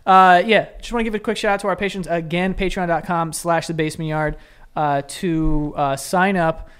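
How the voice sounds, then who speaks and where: A man's voice: a little high, steady tone, normal speed, a bit bright, clean tone. A man hosting a casual podcast, joking around, laughing often and trailing into mumbled asides. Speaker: podcast host.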